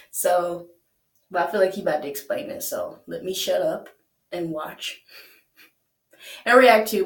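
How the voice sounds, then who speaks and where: A woman's voice: medium pitch, echoey room. A young woman hosting a reaction video, chatting casually, laughing often and asking rhetorical questions.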